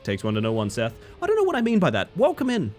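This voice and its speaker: Playful man with a lively, swooping voice. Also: fast, soft background music. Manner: playful, reads chat aloud and jokes, swings between excited yelps and low mutters. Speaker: live streamer. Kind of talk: casual live-stream chat while gaming.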